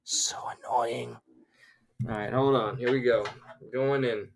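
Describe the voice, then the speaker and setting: A man's voice: mid-range voice, fairly even intonation, moderate pace, a little hiss or hum. Exasperated man ranting on a livestream. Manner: exasperated, theatrical, rambling with tech trouble; muttering and swearing to himself. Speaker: livestream host. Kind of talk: casual livestream chat.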